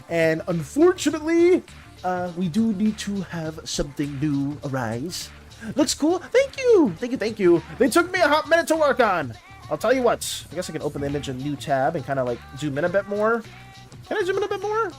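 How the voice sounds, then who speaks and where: This young adult livestreamer talks in a loose, rambling way and keeps circling back and restarting sentences. The pitch swings widely as they chat, and the voice sits at a middling height. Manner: rambling and animated, many restarts and fillers. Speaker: livestreaming artist chatting with viewers.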